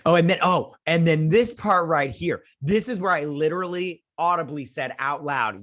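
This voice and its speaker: The host of a TV breakdown channel recaps an episode in a casual, sarcastic rant, mocking characters with silly quotes, laughing a lot, swearing, and trailing off with fillers. His voice is fairly high and bright, moderately paced with few pauses. The recording is clean studio sound with no room echo.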